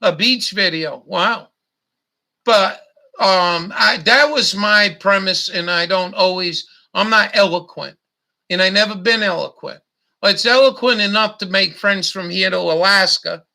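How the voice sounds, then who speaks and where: A man's voice: sits high, unhurried, vocal fry, bright, forceful tone. A middle-aged man hosting a livestream, talking bluntly with lots of swearing and repetition. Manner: blunt, profane, repetitive ranting. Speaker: livestream host. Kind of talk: casual livestream chat.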